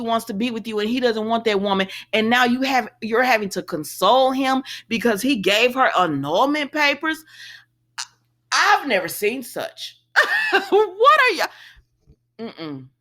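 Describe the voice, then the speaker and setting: A woman's voice: a little high, normal speed, few pauses. A woman casually recapping a soap opera episode, paraphrasing the characters and reacting with exclamations while talking to her viewers. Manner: animated, exclaims, paraphrases dialogue, addresses viewers as y'all. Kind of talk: casual chat.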